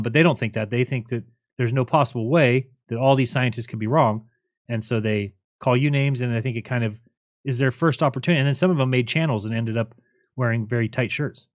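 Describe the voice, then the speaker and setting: A man's voice: medium pitch, fast, dry recording, clean studio sound. A man hosting a call-in show, talking bluntly and mockingly and laughing often. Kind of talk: casual call-in talk.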